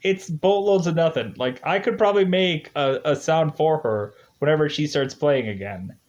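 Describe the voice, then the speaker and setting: Chatty guy rambling over his game, kinda high voice, dull lo-fi mic. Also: normal speed, a little mellow. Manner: rambling, chatty, laughs often. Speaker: gaming video host. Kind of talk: casual gameplay commentary. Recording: dull lo-fi recording.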